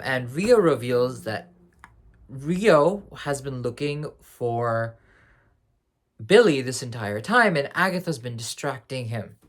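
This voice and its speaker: In a mid-range voice, a reviewer gives a loose, spoiler-heavy rundown of a TV finale. The talk is slangy and wandering, with frequent self-corrections and sentences started over partway through.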